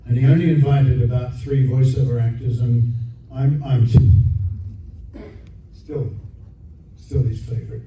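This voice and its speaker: A man's voice: mid-range voice, steady tone, a little slow. An older Australian man telling a story as a guest actor at a fan convention. He is chatty and restarts often. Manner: chatty storyteller with frequent restarts, acting out other people's lines. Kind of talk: anecdotal Q&A storytelling. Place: convention hall. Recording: very echoey hall from far off, dull and noisy.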